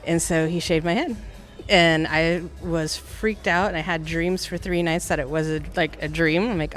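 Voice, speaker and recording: A woman's voice: low-pitched, normal speed, few pauses, faint music behind. A woman barber in her forties telling stories in a casual interview, acting out the voices of the people in them. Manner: animated storyteller acting out quoted voices.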